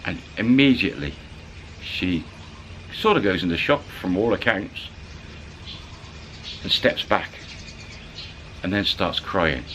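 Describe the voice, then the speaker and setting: A man casually retelling a story to camera, animated and colloquial, slipping into the voices of the people in it. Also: low voice, slow, long pauses, a little hiss or hum. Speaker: channel storyteller.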